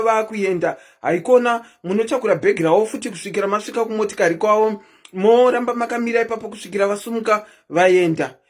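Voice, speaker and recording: A woman hosting a live stream, chatting casually and keeps asking her viewers questions. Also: medium pitch.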